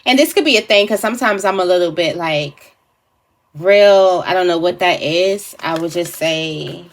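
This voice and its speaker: Casual female tarot reader with a lower voice, musing aloud in a loose, rambling way. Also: moderate pace. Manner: meandering, thinks aloud with fillers and restarts. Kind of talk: casual spiritual reading to camera.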